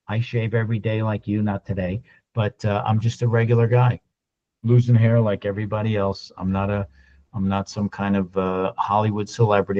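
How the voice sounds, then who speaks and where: A man giving a lunch-and-learn sales talk, animated and acting out little dialogues as he goes. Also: fairly low pitch, lo-fi sound. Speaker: sales trainer.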